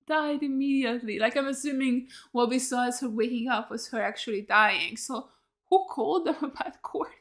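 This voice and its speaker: A woman's voice: sits high, fairly bright tone. A woman giving a casual, emotional reaction to a TV episode, rambling and cutting herself off mid-thought. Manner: rambling, emotional, self-interrupting. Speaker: TV reaction host.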